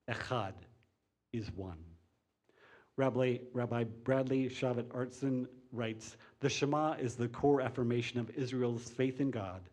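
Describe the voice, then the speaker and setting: A man with a mid-pitched voice leads a synagogue service. He explains scripture in an even, plain teaching tone. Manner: reads a joke with lively put-on voices, then teaches plainly. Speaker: service leader. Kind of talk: sermon with a told joke.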